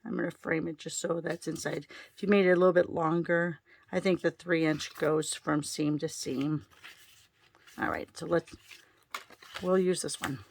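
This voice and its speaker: Gravelly low-voiced woman demonstrating crafts. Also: steady tone, moderate pace, darkish tone, a little hiss or hum. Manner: chatty, talking herself through each step. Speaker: card-making demonstrator. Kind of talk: casual crafting tutorial.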